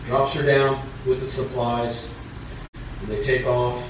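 A man's voice: medium pitch, little pitch movement, slow pace, a little hiss or hum. Man preaching in an echoey hall. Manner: plain storytelling, rising to fervent preaching. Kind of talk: sermon storytelling. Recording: echoey church from far off, dull.

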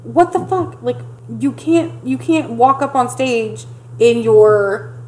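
A woman's voice: fairly high pitch, slow, dark tone, slight background noise, rough recording. A woman with a Southern US accent, ranting in casual podcast chat and swearing freely. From Southern United States. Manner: profane, ranting, fired up. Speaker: podcast co-host.

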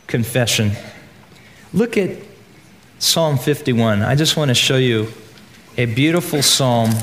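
Animated man preaching a sermon. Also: a little high, slight background noise. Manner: animated, swings between loud emphasis and soft asides; folksy, addresses the congregation as "gang". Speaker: pastor.

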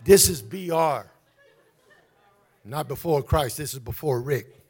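A man's voice: a little high, animated, slow pace, darkish tone, husky, a faint crowd. A man preaching a fervent sermon as pastor, calling out to his congregation. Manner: fervent, call-and-response preaching.

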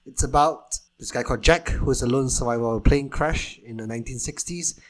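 A man's voice: medium pitch, fairly quick. A man co-hosting a casual film podcast, explaining things in an eager, rambling way with many restarts. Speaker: podcast co-host. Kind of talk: casual film news chat.

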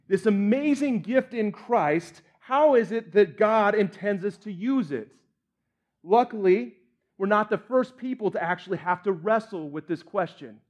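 High-voiced male pastor preaching. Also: darkish tone, muffled recording. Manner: earnest, candid, lightly joking. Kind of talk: sermon.

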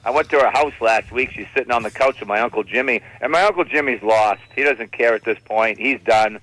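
A male comedian, doing stand-up with animated, exasperated storytelling. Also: medium pitch, a little fast, dry recording, low-quality recording.

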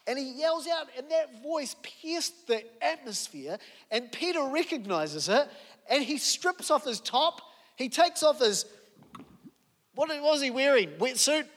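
A New man preaches in a high, light voice, telling the story vividly and peppering it with rhetorical questions. His words ring out with the long reverb of a large hall, as in a church auditorium. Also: lively intonation, measured pace, fairly bright tone. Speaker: pastor. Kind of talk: sermon.

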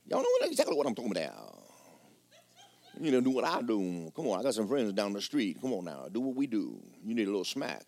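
A cool-dude fish drawls and swaggers, coaxing others to follow the crowd, as a man puts it on. The pitch swings widely, and the sound stays dry and close. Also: darkish tone, no echo. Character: slick, laid-back fish, a bad-influence cool dude.

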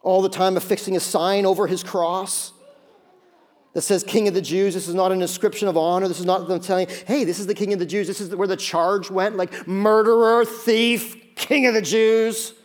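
A middle-aged man preaching a sermon as pastor, dramatic and often dropping to a hushed tone. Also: high voice, flat delivery, a little fast. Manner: dramatic, acts out quoted voices, drops to hushed tones.

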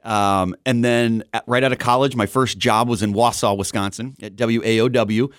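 A man in his forties from Southern California, a guest on a radio show, telling stories in a lively way and acting out the voices of people he quotes. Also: mid-range voice, moderate pace, dry recording, studio quality. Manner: animated storyteller, acts out quoted voices. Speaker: TV news anchor, guest. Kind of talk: casual radio interview.

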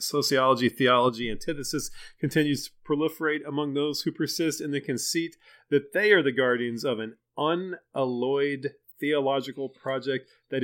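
A man's voice: medium pitch, close to an everyday voice. A man putting on a pompous nerdy know-it-all voice, reading in an over-precise, stilted way.

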